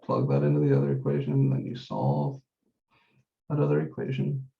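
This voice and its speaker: A man teaching a math class, working through each step methodically and repeating the key points, slowing down on the numbers as he writes. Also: medium pitch, very animated, creaky. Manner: methodical, repeats key steps, says numbers slowly while writing. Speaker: math instructor. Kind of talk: classroom lecture. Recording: dull echoey classroom recording.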